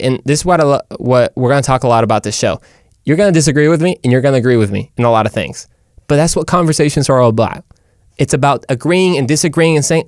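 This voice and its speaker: Male host, casual opinion monologue, animated and slangy, mid-pitched voice, dry close mic. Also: dry recording. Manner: animated, rambling, slangy, puts on mock British voices. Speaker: show host.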